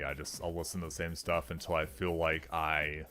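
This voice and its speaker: A man's voice: low voice, little pitch movement, normal speed, sharp tone, faint music behind. A man streaming a game, talking casually and rambling with frequent laughs. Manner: rambling, chatty, laughs often, lots of fillers. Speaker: let's play streamer. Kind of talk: casual let's-play commentary.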